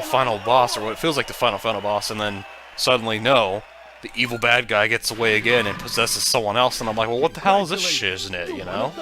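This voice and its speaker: A man giving casual, rambling let's play commentary that drifts into tangents. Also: medium pitch. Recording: game music behind the voice.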